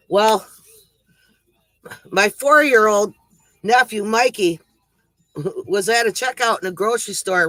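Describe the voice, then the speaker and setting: Man, high bright voice, dry close sound; rambling joke teller who laughs at his own gags. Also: dry recording, low-quality recording. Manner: chuckles at his own jokes; rambling, self-interrupting delivery. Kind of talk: casual joke telling on a livestream.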